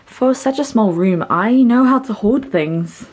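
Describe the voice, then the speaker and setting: A woman's voice: a little high, animated, unhurried, a little mellow, slightly rough. A young adult woman chatting casually in a home vlog from her small bedroom, self-deprecating and joking as she shows purchases and tidies up. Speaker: vlogger. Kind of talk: casual chat.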